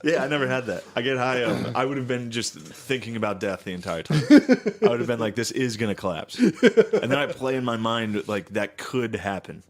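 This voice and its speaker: A man in his thirties, swapping crude stories as a podcast co-host. His voice sits in the middle of the male range, and he keeps breaking into loud, laughing impressions of himself. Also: medium pitch, expressive, brisk. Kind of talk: casual chat.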